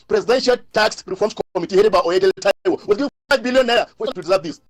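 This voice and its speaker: Fast, high, indignant Nigerian man. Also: dry recording. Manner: indignant, rhetorical questions. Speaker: radio caller. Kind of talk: impassioned call-in rant.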